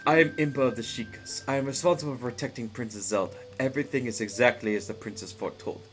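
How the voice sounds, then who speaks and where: Un homme qui joue une gardienne solennelle à l'accent russe. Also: male voice, mid-range voice, quick pace, a bit bright, faint music behind, close to an everyday voice. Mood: solemn. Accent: slight put-on Russian tint. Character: huge strong female warrior guardian, stern. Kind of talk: reading game dialogue aloud.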